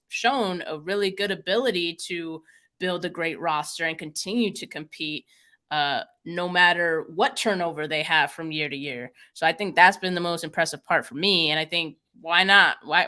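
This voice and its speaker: A woman co-hosting a casual live-stream sports podcast, with a relaxed, somewhat mumbling way of talking. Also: lowish voice. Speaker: podcast co-host.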